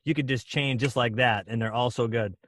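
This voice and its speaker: A man's voice: medium pitch, fairly even intonation, a little fast, a bit bright. A man hosting a podcast interview, enthusiastic and admiring toward his guest. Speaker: podcast host. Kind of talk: casual interview chat.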